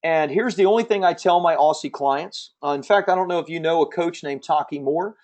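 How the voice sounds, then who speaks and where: Emphatic salesman hosting a webinar, fairly high. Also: brisk, a little mellow. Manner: emphatic, persuasive salesman, repeats key points; reads and answers audience questions from chat. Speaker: webinar host selling publishing services. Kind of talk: live sales webinar pitch.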